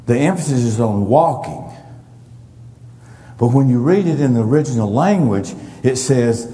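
A man preaching a sermon as pastor, emphatic and deliberate, leaning hard on key words. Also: medium pitch, animated, mellow. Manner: emphatic, stresses words for effect. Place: church sanctuary. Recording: long reverb of a church hall.

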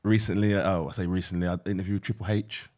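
A man's voice: low-pitched, quick pace. A young man as a podcast guest, chatting casually and teasing back with lots of laughter. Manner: lively, teasing, laughs often. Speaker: guest, interviewer.

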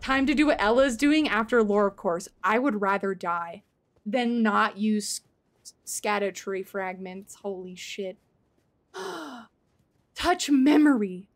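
A woman streamer giving live gameplay commentary, excitable, swearing and laughing as she talks to her chat. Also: mid-range voice, slow pace.

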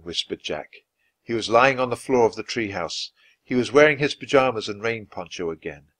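A man reading a children's book aloud, with expressive, lively narration. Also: medium pitch, moderate pace, no echo. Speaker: storyteller.

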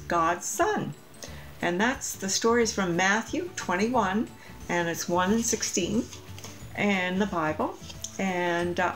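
A woman's voice: medium pitch, poor audio. A woman leading a children's church lesson, singing simple songs, reading a Bible story and coaxing little ones with questions. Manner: sing-song, coaxing questions to small children.

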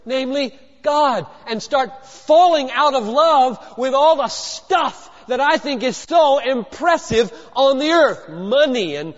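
An older man preaching a sermon, swinging from loud emphasis down to hushed, low lines. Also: lively intonation, takes it slowly, few pauses. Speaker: pastor. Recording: dull lo-fi with long hall reverb.

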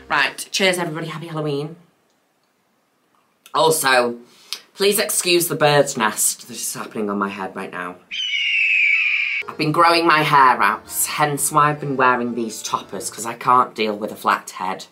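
Woman, makeup vlogger, camp and chatty, very lively delivery. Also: normal speed, faint music behind. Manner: chatty, camp and playful, drops a flat low "people" at line ends. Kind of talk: casual makeup tutorial chat.

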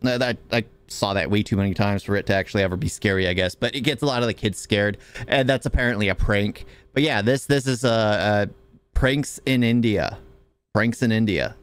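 A man from the United States giving halting, casual reaction commentary. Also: lowish voice, clean tone. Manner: halting, with many fillers and restarts. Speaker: video reactor.

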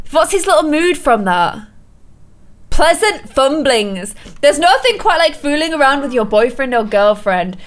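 High, lively excitable woman gamer. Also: a little slow. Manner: excitable, frequent gasps, playful exclamations. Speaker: video game streamer. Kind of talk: gameplay commentary.

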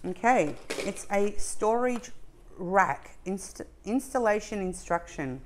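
A woman's voice: mid-range voice, measured pace, a little hiss or hum. A middle-aged woman hosting a crafting unboxing video, chatting to viewers in a gushing, emotional way and often talking to herself. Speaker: crafting channel host. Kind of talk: casual unboxing chat to viewers.

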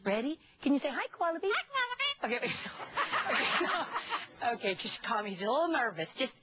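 A woman's voice: on the high side, expressive, fairly quick. Upbeat woman coaxing a parrot, muffled recording. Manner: upbeat, coaxing, laughs often. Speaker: bird trainer showing a parrot to an audience. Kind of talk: live demonstration with commentary. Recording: muffled with loud ambient noise.

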